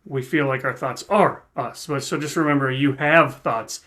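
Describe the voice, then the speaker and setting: Speaking at normal speed with a steady yet sharp tone, a man with a mid-range voice offers casual commentary as the host of a reaction video. His explanations are thoughtful and relaxed, with frequent restarts.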